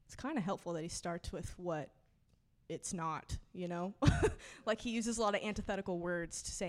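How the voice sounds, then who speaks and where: A woman's voice: medium pitch, a little slow. Young woman preaching casually. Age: 20s. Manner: chatty, filler-heavy, laughing and emotional. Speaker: preacher giving a testimony and teaching. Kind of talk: casual conversational sermon. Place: church service.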